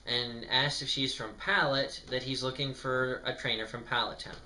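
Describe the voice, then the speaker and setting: A man's voice: mid-range voice, steady tone, moderate pace, bright, forceful tone. A young man casually reviewing a cartoon episode, rambling and sarcastic, with lots of filler words. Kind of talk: casual commentary.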